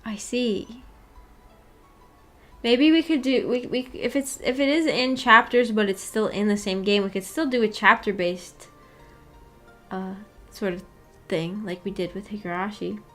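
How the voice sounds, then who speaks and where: A woman's voice: mid-range voice, steady tone, measured pace, pauses often, fairly bright tone, faint music behind. A young woman hosting a casual live-stream book club, chatty and giggly, often restarting her sentences.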